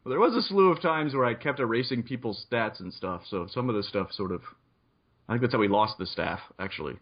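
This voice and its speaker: A man with a slightly husky voice that rises and falls widely as he trades dry, wry remarks at a tabletop game. He is recorded on a dull, lo-fi podcast track. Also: mid-range voice, animated, a little fast. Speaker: tabletop game player who keeps the notes. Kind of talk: casual chat during a tabletop story game.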